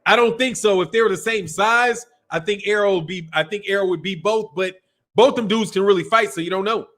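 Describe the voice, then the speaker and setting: A middle-aged man from Chicago runs a boxing live stream with a high-pitched voice. He talks loose and slangy and laughs often. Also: a little fast, a bit bright. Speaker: boxing channel host. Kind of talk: casual live stream chat.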